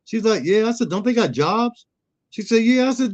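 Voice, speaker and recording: High-voiced middle-aged man telling stories. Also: animated, moderate pace, darkish tone, muffled recording. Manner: storytelling, acts out quoted dialogue. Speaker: guest, youth mentor. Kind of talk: casual conversational interview.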